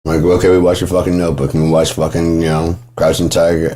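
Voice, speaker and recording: A man talking in a gentle, rambling monologue, swearing freely and chuckling often. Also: sits low, little pitch movement, fast. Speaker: vlogger.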